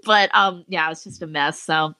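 A woman co-hosting a casual podcast chat, teasing her co-host with quick, playful quips. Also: sits low, bright, forceful tone.

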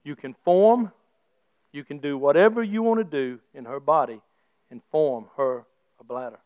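A middle-aged man preaching a sermon as pastor, his delivery swinging from soft low talk to shouted praise, with folksy church grammar. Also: normal speed, smooth, no room sound. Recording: slightly dull lo-fi sound.

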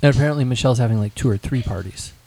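A man telling a story in casual chat with friends, animated, swearing and acting out what people said. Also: medium pitch, racing, rough recording. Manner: animated storyteller, swears, acts out quoted lines. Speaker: podcast co-host telling a story.

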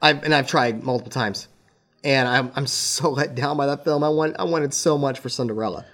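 A man co-hosting a casual film review chat, opinionated and joking, with a gravelly voice. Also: medium pitch, moderate pace, fairly bright tone. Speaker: podcast co-host.

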